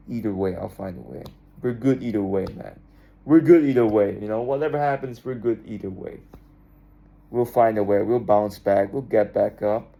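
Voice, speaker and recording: Laid-back man with a dark, mellow voice. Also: on the low side, gravelly. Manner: laid-back, repetitive, peppered with "man" and "bro". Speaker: vlogger. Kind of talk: casual motivational monologue.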